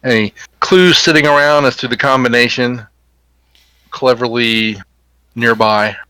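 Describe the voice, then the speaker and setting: A man playing a tabletop game, asking methodical, deliberate questions. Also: mid-range voice, steady tone, pushed and bright, clean tone, dry recording, rough recording. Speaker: player. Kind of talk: casual tabletop play.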